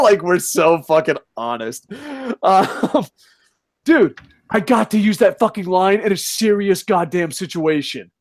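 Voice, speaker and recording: A young man with a fairly high voice rambles through casual wrestling chat. He swears constantly and gets more excited the longer he talks. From United States. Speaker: podcast co-host.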